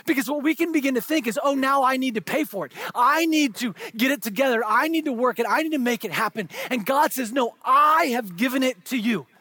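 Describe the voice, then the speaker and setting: A man preaching a sermon, moving between hushed, intimate asides and shouted, stretched-out emphasis. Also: very high-pitched, fairly quick, few pauses. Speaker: pastor.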